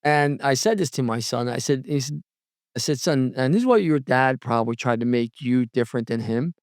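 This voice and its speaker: Animated, storytelling podcast host man. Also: brisk, dry recording, studio quality. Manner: animated storyteller, acts out quotes with pitch jumps. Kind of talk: casual podcast conversation.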